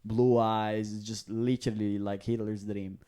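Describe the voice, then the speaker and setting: This comedian co-host has a Brazilian accent and a voice on the low side, clear and resonant, delivered a little slowly. Chatting casually on the podcast, he tells animated stories and voices the people he quotes.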